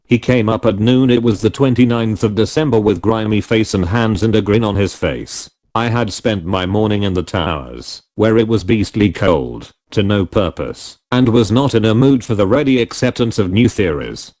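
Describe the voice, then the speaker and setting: A man's voice: on the low side, moderate pace, hardly any pauses, a little mellow. A man narrating a classic novel in the first person for an audiobook, telling it expressively. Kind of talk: scripted narration.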